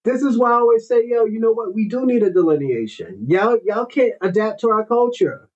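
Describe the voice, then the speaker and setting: High-voiced blunt lecturing man. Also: animated, a little fast, darkish tone. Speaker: host. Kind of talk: casual opinionated talk. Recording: dull lo-fi audio.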